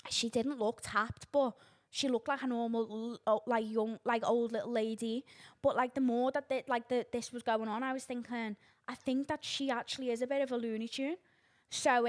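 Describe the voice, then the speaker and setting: A young woman, hosting a podcast and telling a story in casual chat, animated and sweary, acting out the voices she quotes. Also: on the high side. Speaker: podcast host.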